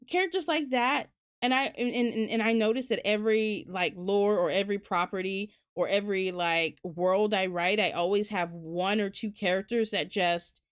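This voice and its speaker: A woman chatting casually on her stream at a middle pitch. Her talk is candid and loose, full of fillers and restarts, with the occasional swear word. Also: smooth. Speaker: streamer hosting a book talk. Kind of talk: casual chat.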